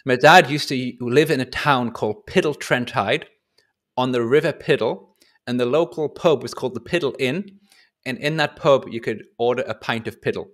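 A man's voice: medium pitch, moderate pace, fairly bright tone. A man from the North of England with a Northern English accent, hosting a casual podcast chat in a rambling, chatty way. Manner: chatty, rambling, restarts often. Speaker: podcast host.

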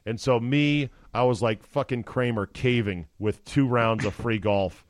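A man's voice: mid-range voice, unhurried, no echo. Dry, profane podcast host man. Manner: profane, jokey storytelling. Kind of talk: casual chat.

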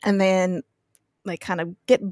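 A woman's voice: fairly low pitch, flat delivery, a little slow, darkish tone, no echo, studio quality. A woman casually recapping a TV episode on a podcast, laughing often and acting out the characters' lines. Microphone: podcast mic.

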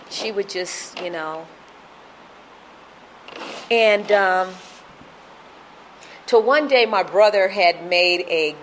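A woman's voice: fairly low pitch, slight background noise. Woman in her 50s telling her recovery story, stops and restarts a lot, emotional. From Compton, California. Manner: halting, repeats words, emotional storytelling. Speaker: speaker sharing at a recovery fellowship. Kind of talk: personal recovery testimony.

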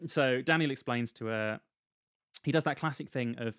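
A man's voice: medium pitch, fairly even intonation, quick pace, a bit bright, no echo. A man, casually retelling a film's plot on a podcast with dry humor and frequent laughs. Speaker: podcast co-host recapping a film. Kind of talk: casual chat.

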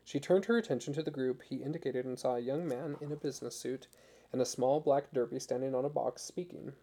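Gravelly, dark-voiced male narrator. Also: medium pitch, a little fast. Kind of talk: audiobook narration.

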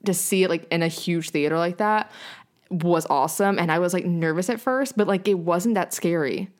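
A woman's voice: fairly low pitch, moderate pace. A young woman co-hosting a podcast in casual chat, talking loosely with lots of fillers and casual swearing.

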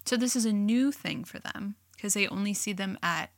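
A woman's voice: medium pitch, normal speed, no room sound, clean studio sound. A woman co-hosting a podcast in casual chat, talking with lots of "like" fillers and laughing easily. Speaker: podcast co-host.

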